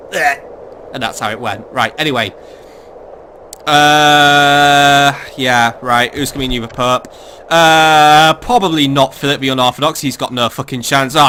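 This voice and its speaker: A man's voice: medium pitch, bright, forceful tone, a little hiss or hum. A man giving casual, sardonic gameplay commentary as a let's play host, swearing freely and thinking aloud.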